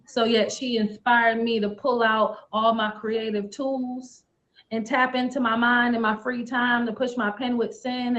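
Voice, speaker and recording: Performing on a livestream, a woman delivers spoken word poetry in a steady, rhythmic, rhyming flow at an ordinary pitch. The audio sounds dull and lo-fi.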